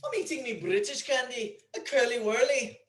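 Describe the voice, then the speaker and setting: A teacher putting on a playful mock Scottish accent, hammy and jokey, in an echoey classroom. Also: male voice, very high voice, moderate pace, a little hiss or hum, voice pushed up.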